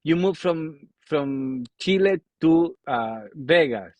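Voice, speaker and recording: A man's voice: fairly high pitch, expressive, slow pace, dry recording, low-quality recording. A man with an Argentine accent, speaking English as a second language, hosting a casual podcast interview and often restarting his sentences as he searches for words. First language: Spanish. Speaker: podcast host.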